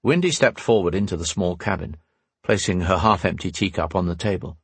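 A man reading a fantasy novel aloud in calm, even scripted narration. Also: low-pitched, brisk, breathy edge, no echo. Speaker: audiobook narrator.

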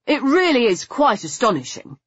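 A woman reading the part of a charming, flirtatious man keen on antiquities, in a smooth, coaxing, courteous manner. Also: very high-pitched, huge pitch swings, normal speed, a bit bright, no echo, highs cut off, pitched above the performer's own voice, full character voice.

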